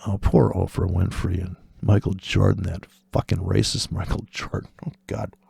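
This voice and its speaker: Gravelly, profane man ranting off the cuff. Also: low voice, level tone, moderate pace, dark tone, no echo, clean studio sound. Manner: sardonic, profane, wanders off on tangents; acts out imagined voices in quotes. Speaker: forex trading video host. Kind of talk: rambling casual monologue.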